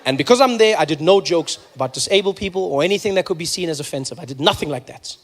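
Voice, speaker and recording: Animated South African stand-up comedian. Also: male voice, on the high side, fast. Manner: animated, acts out both sides of his stories.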